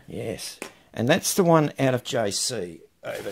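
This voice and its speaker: A man's voice: mid-range voice, very animated, a little slow, creaky, breathy edge. A man chatting casually while unboxing parcels for his vlog, muttering asides to himself between remarks. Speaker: electronics hobbyist vlogger.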